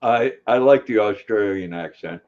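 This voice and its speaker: A man joins a casual live stream from away from the mic. He makes short, halting remarks. His voice sounds dull and muffled. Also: on the low side. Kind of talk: casual chat.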